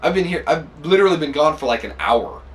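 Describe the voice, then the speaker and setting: A man voicing a confused young man who speaks in a baffled, halting way. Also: a little high, animated, recorded from a distance, voice pushed up, close to an everyday voice. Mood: bewildered.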